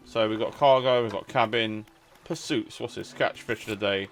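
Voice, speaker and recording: A man's voice: lowish voice, normal speed, soft background music. A man with a cold giving casual, rambling commentary while playing a video game. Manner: rambling, chatty, self-restarting. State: has a cold. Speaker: gaming YouTuber. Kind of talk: casual let's-play commentary.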